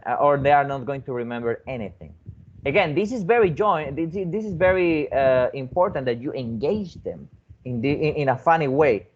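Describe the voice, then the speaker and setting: A mid-range, darkish male voice, with the highs cut off, leads a teaching demonstration. The speaker is a foreign teacher training other teachers, and he keeps repeating words, restarting, and checking "okay?" with rising intonation.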